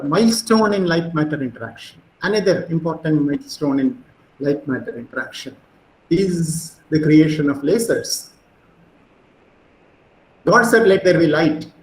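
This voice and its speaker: A middle-aged man giving a physics lecture, animated and storytelling, with frequent fillers. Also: sits high, echoey room, low-quality recording.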